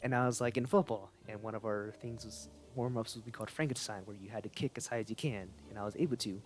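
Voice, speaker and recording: A man's voice: lowish voice, steady tone, quick pace, faint music behind. A young man chatting casually while streaming a video game, rambling and often correcting himself mid-sentence. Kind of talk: casual livestream commentary.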